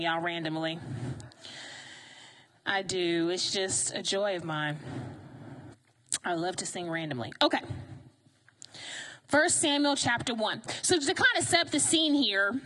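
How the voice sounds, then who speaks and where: A woman preaching a sermon in a lively, conversational way, often asking the congregation questions. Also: fairly high pitch.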